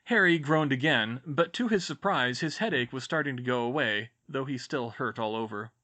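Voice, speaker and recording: A man narrating a fan fiction audiobook chapter in an expressive, dramatic reading style. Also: mid-range voice, normal speed.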